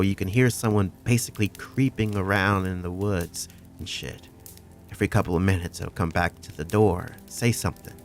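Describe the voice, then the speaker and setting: A man narrating a first-person horror story in a profane, conversational way. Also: lowish voice.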